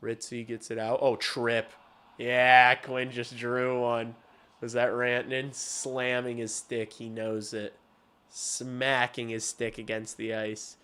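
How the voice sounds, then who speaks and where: A man streaming live as he watches hockey, chatting bluntly and profanely with his viewers and now and then working up into loud rants. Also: medium pitch, flat delivery, slow, clear, resonant tone.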